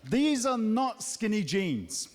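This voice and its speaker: High-voiced New Zealand man doing stand-up. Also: very animated, slow, in a large hall, over music. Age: 30s. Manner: punchy, mocking asides and put-on voices. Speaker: stand-up comedian. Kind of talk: stand-up comedy set. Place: large theatre stage.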